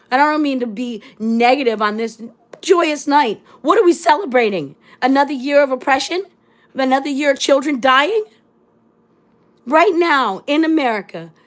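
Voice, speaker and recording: A woman hosting her own livestream, delivering an angry, blunt and profane rant full of repeated rhetorical phrases. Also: high voice. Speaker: livestream host.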